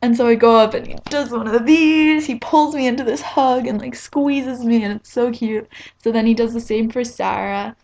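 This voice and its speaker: Teen vlogger, 18, woman from New Jersey; higher voice, rambling excited delivery packed with "like.". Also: moderate pace, slight background noise, low-quality recording. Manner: rambling and excitable, fillers like "like" everywhere. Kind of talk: casual storytelling to camera.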